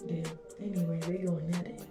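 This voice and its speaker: A woman's voice: lowish voice, steady tone, a little fast, recorded from a distance. A young woman vlogging casually at home, chatty and nervous, swearing and laughing to herself as she works. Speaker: beauty vlogger. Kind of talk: casual vlog talk to camera. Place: indoor room at home. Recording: echoey room, off-mic, music behind.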